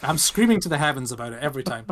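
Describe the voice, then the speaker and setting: A man's voice: mid-range voice, lively intonation, very fast. A young British man co-hosting a podcast, rambling in casual chat and firing off rhetorical questions. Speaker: podcast co-host.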